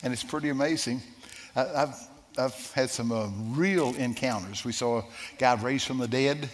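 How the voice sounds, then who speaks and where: A man preaching a sermon, telling a personal story in a folksy, animated way with some stammering. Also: medium pitch, moderate pace. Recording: long reverb of a large hall.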